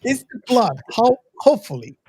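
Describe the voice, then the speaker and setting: A man's voice: very high-pitched, sing-song, moderate pace, warm tone, a little hiss or hum. A man hosting a podcast in casual chat, hesitant and repeating his words. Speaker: podcast host leading the segment.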